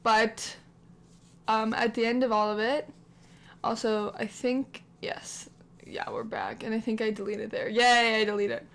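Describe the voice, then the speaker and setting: A woman's voice: fairly high pitch, lively intonation, measured pace, vocal fry, a bit bright. A woman hosting a game channel, narrating her life-sim story in a rambling, chatty way with lots of filler words. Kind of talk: casual let's-play commentary.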